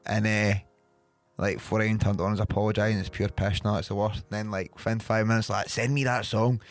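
A man's voice: fairly low pitch, little pitch movement, a little fast, soft background music. A Scottish man co-hosting a podcast, chatting casually in a laid-back, jokey, sweary way. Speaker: podcast co-host. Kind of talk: casual chat.

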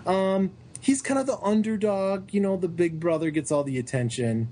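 A man co-hosting a casual sports podcast, joking and ranting with animated energy. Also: high-pitched, moderate pace, a little hiss or hum. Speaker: podcast co-host.

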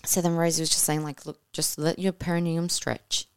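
A woman telling her birth story as a podcast guest, animated and casual, swearing freely and acting out what she said at the time. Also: low-pitched, moderate pace, clean tone, dry recording, studio quality. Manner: animated, swears casually, acts out her own past words.

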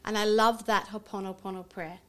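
A middle-aged woman, a naturopath and guest on an interview show, telling stories in an animated way and acting out her family's voices. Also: medium pitch, brisk. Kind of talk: casual interview chat.

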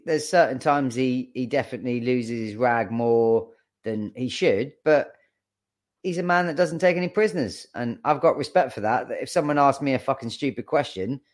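A man's voice: mid-range voice, moderate pace. A man co-hosting a casual sports podcast, forthright and sweary, arguing his point. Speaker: podcast co-host.

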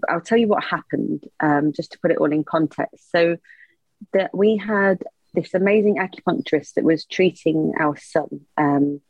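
A woman's voice: deep voice, normal speed, a little mellow, breathy edge, no room sound, dull audio. A woman, a mother, telling a personal story as a podcast guest, earnest and open with a light laugh at times. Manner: earnest, open and emotional, laughs a little through hard memories.

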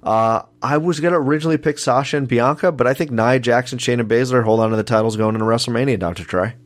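A man's voice: medium pitch, fast. A man hosting a wrestling podcast, running through match predictions in an announcer-like way. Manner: announcer-like, addressing listeners as folks. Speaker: podcast host.

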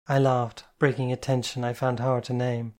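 Audiobook narrator, steady reflective first-person reading. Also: mid-range voice. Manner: measured, reflective storytelling.

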